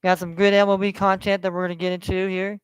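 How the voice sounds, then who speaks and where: A man's voice: high-pitched, level tone, fast talker, smooth, no room sound. A man from California hosting a casual sports betting stream, rambling and swearing as he repeats himself. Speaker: sports betting podcast host.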